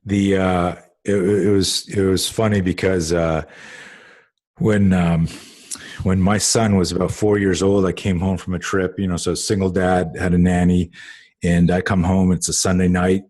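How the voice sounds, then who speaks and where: A man hosting a self-defense talk show, telling a long story in a lively way and acting out the people he quotes. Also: deep voice, unhurried. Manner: animated, acts out quoted voices, many fillers. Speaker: host and self-defense coach. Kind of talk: conversational storytelling.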